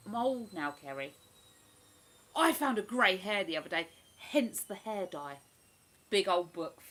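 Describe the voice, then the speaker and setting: The audio is poor, but the woman's mid-range voice comes through a bit bright. Hosting a livestream, she reads viewer comments and chats casually, full of exclamations and "ooh"s.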